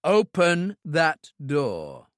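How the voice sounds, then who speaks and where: A man's voice: a little high, wildly swooping pitch, very slow, dry recording, studio quality, voice pushed up, full character voice. A man voicing a hard, ruthless agent who gives curt, menacing orders in an audiobook. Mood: commanding. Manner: clipped, commanding, menacing. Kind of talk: audiobook character reading.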